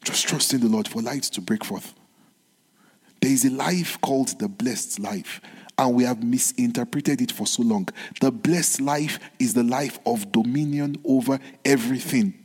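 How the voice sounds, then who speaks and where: A man's voice: mid-range voice, moderate pace, a little mellow, husky. A male pastor preaching a sermon, telling a story and asking the congregation rhetorical questions. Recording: long hall reverb.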